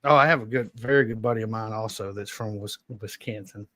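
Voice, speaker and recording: A man's voice: fairly low pitch, a little fast, fairly bright tone, no room sound. A man with a Southern Georgia accent, co-hosting a podcast in casual chat, rambling through stories and laughing often. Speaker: podcast co-host.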